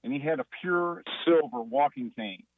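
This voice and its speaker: A male caller telling a deadpan comic story over the phone. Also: mid-range voice, normal speed, a little hiss or hum. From Pearland, Texas area. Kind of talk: comedic call-in story. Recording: tinny phone line.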